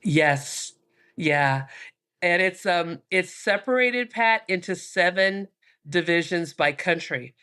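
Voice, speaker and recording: A middle-aged American woman, a book author telling travel stories in an interview, animated and acting out the voices in them. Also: lowish voice, slow pace, clear, resonant tone. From United States. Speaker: guest, author. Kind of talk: storytelling interview.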